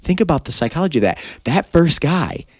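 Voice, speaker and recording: A man's voice: on the high side, sing-song, brisk, no echo, clean studio sound. A man hosting a podcast interview, earnest and reflective as he draws out his guest. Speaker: podcast host. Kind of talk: conversational interview.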